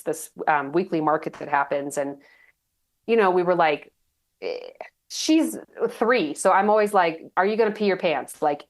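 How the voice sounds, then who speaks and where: A woman in her thirties from Texas, a guest telling stories in a chatty, animated way with lots of fillers. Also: lowish voice. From Texas, United States. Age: 30s. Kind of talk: casual interview storytelling.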